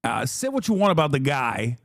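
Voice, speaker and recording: A man's voice: medium pitch, sing-song, brisk, fairly bright tone, no room sound, studio quality. A man streaming live, reacting with crude, sarcastic commentary and frequent laughter.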